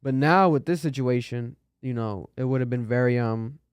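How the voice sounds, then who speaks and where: A man's voice: medium pitch, moderate pace, smooth, no echo. A man hosting a podcast, talking casually and loosely with lots of fillers and cursing. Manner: loose and chatty, curses often, many fillers. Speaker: podcast host.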